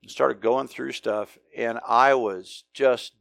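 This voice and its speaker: A middle-aged pastor from the United States preaching a conversational, emphatic sermon full of rhetorical questions. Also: male voice, mid-range voice, steady tone, takes it slowly, vocal fry, fairly bright tone, no echo.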